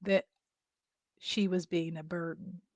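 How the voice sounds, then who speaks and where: A woman's voice: lowish voice, little pitch movement, slow pace, vocal fry, no room sound. A middle-aged woman caregiver candidly telling viewers a personal story in a casual vlog. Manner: candid, conversational, addresses viewers as y'all. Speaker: family caregiver.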